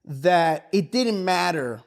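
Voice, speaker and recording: A man's voice: sits high, lively intonation, slow pace, vocal fry. A man, co-hosting a podcast, telling a story in a casual way and acting out the voices of the people in it, with a lot of swearing. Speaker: podcast co-host.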